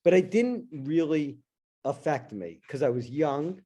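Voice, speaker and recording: A middle-aged man, a guest in an interview, telling a personal story in an animated, casual way and acting out his own past lines. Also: a little high, measured pace, husky. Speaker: interview guest, dentist and investor.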